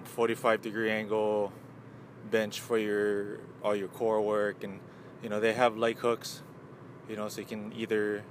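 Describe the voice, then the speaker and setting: A man's voice: on the low side, fairly bright tone, slight background noise. A man hosting a casual morning podcast, winded, talking loosely with lots of fillers. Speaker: podcast host.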